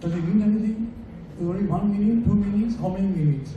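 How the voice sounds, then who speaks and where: A man's voice: high-pitched, fast, a little hiss or hum. An older man giving a chatty, joking speech at a farewell event, calling on audience members by name. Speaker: guest speaker. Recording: echoey room, distant dull mic.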